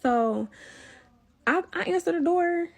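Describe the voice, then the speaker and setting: A young woman telling a personal story in a casual vlog, animated and profane, talking straight to her viewers. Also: very high voice, slow pace, gravelly.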